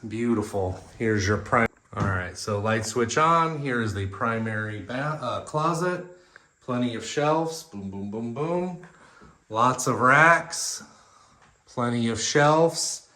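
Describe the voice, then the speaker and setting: Chatty man touring a house, slow-paced. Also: on the low side, fairly bright tone. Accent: Texan. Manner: chatty and jokey, points things out in quick lists. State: a little out of breath from walking. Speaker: real estate agent giving a home tour. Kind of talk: casual walkthrough narration while filming. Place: inside a house and its backyard. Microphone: handheld camera he is carrying.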